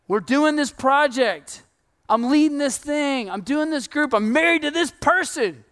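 Animated, high-voiced man preaching. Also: measured pace. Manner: conversational, animated storytelling with laughs and acted quotes. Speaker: pastor. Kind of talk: sermon.

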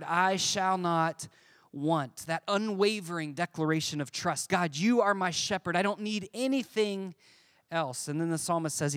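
A male pastor preaching a sermon to a congregation in an animated, emphatic way. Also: a little high.

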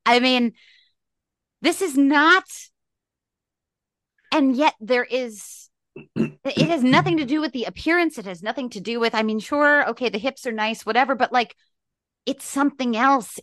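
A woman hosting a podcast in casual conversation, animated and emphatic. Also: high voice, no echo, clean studio sound. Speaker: podcast host.

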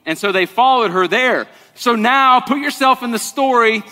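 Bright-voiced male pastor in a reverberant hall. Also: very high voice, normal speed. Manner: conversational preaching, drops to soft intense tones. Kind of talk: sermon. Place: church sanctuary. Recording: long reverb of a large hall.

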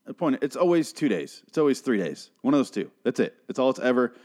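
A man casually recapping a TV episode, swearing freely and acting out characters' lines in quick put-on voices. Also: mid-range voice, big pitch swings, darkish tone.

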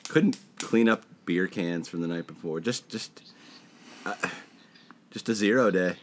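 A man's voice: sits low, a little slow, slight background noise. A man co-hosting a casual talk show, laid-back, saying "dude" often and laughing easily. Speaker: radio show co-host. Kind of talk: casual chat.

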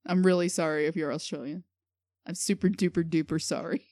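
Laughing woman podcast host, lowish voice. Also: steady tone, brisk, no echo, studio quality. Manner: joking, laughs often, thinks out loud. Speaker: podcast co-host answering a quiz. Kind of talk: casual chat.

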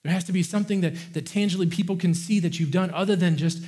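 A man preaching with fervor, his voice sitting a little higher than most men's. He repeats phrases and stumbles over restarts as he drives each point home. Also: fairly even intonation, fast talker, mellow. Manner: impassioned, repetitive preaching with many restarts. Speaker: pastor. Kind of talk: sermon.

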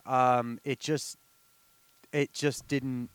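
A man's voice: mid-range voice, little pitch movement, drawn-out words, clear, resonant tone, dry recording. A man co-hosting a podcast, talking casually in a laid-back, hesitant way that often trails off. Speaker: podcast co-host. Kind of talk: casual chat.

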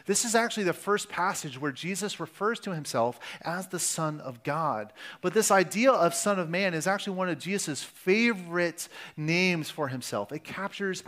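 A man's voice: sits high, lively intonation, normal speed, hardly any pauses, a bit bright. A man preaching a sermon as pastor, speaking earnestly and sometimes restarting his phrases. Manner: earnest, with restarts and varying emphasis.

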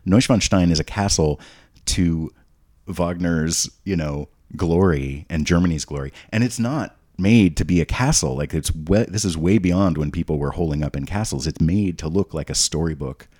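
A man's voice: deep voice, moderate pace, darkish tone. A man speaking as a podcast guest, telling casual stories with rambling asides and frequent restarts. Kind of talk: casual storytelling.

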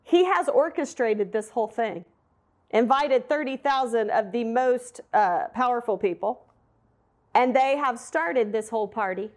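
A woman's voice: on the high side, lively intonation, a little slow, darkish tone. A woman preaches a Bible message. She talks candidly and conversationally, often turning to ask her listeners questions. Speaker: Bible teacher. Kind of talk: sermon.

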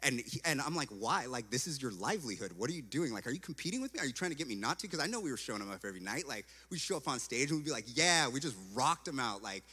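A man from California telling his personal testimony as a story, animated and acting out his own past words, with "like" all through his talk. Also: medium pitch, quick pace, few pauses, slightly rough. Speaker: speaker giving a personal testimony. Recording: long hall reverb.

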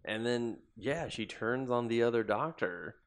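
A man's voice: mid-range voice, unhurried, a loud crowd. A man in casual podcast chat about a movie, chiming in with agreement and adding plot details, swearing freely. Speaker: podcast co-host.

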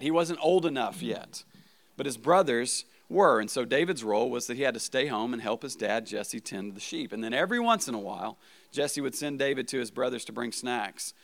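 A pastor with a slightly high voice preaches a sermon in a casual, conversational way. He often checks in with "right?" and restarts words.

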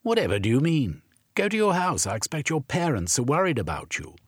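A brusque Victorian gentleman, as a man puts him on, raised in pitch and husky, firing clipped, incredulous questions. His proper speech swings widely in tone in this storybook reading. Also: wildly swooping pitch, fairly quick, no echo, studio quality, exaggerated voice.

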